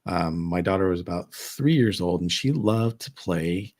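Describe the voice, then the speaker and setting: Seated at the dining table in his own home, a guest shares personal ghost stories in an unhurried, relaxed, rambling way. His low voice has a husky edge, and he keeps circling back with fillers and restarts during the casual storytelling chat.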